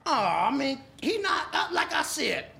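Gravelly, animated man with a bright edge. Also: very high voice, a little slow. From Texas. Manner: loud, animated street talk with frequent profanity. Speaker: interview guest. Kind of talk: casual interview chat.

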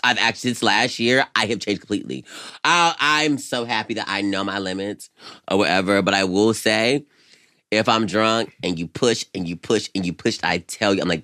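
A young man co-hosting a podcast, chatting casually and sassily, saying "girl" at every turn and laughing loudly. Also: fairly low pitch, brisk, no room sound, studio quality. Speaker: podcast co-host. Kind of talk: casual chat.

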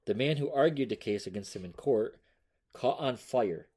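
A man's voice: mid-range voice, animated, normal speed, mellow, husky. A man hosting a casual true-crime podcast, reading from notes loosely, swearing offhandedly and laughing often. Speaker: podcast host. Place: home room with a noisy cat.

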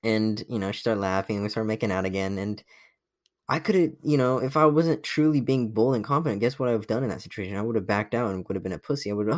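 A man's voice: fairly low pitch, quick pace, a little mellow, dry recording, studio quality. A young man hosting a podcast, telling a boastful dating story in a cocky, profane, laughing way. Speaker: podcast host. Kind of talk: casual storytelling monologue.

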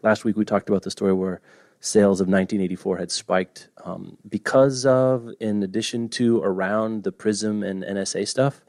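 A man's voice: on the low side, normal speed, a little mellow, no room sound, studio quality. A man co-hosting a podcast about books, chatting casually and joking at his own stumbles over names. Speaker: podcast co-host. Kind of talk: casual chat.

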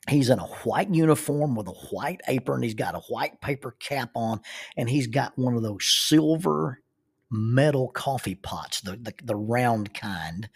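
A man's voice: mid-range voice, slightly rough. A middle-aged man, a preacher, telling a funny personal story in a self-deprecating, chuckling way.

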